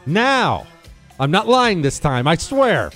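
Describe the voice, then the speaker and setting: A man's voice: fairly high pitch, big pitch swings, slow, a bit bright, faint music behind. A man hosting a talk radio show, delivering a blunt, combative opinion monologue in a sarcastic tone. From United States, Ohio River area.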